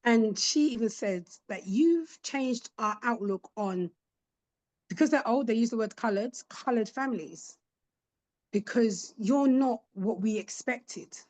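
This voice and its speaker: A woman guesting on a podcast tells stories in a relaxed interview, her voice a little high, a little slow and slightly mellow. She performs the voices of the people she's quoting.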